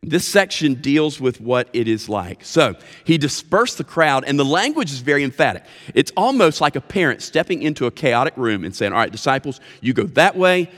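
Lively preaching man in a reverberant hall. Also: medium pitch. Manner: expressive preaching with emphatic pauses. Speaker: pastor. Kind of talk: sermon.

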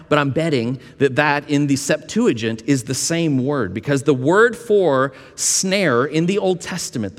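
Man, pastor delivering a chatty sermon with homespun asides; fairly high voice, echoing church hall. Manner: conversational preaching with folksy asides and frequent restarts. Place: church sanctuary. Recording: long reverb of a church hall.

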